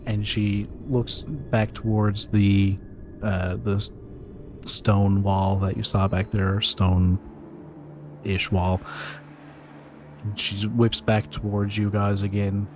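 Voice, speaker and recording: A man serves as game master, reading out the scene in a slow, deliberate way. His voice sits low and stays fairly level, building the horror through careful description. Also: darkish tone, slight background noise. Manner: slow, vivid descriptive narration. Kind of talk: narrating a tabletop game.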